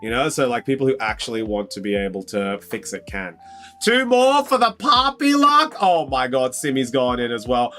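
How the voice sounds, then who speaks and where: A young Australian man hosting a casual live stream, chatty and excitable, calling viewers mate and bro and breaking into loud, high exclamations. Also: moderate pace, faint music behind. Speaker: live stream host opening trading card packs.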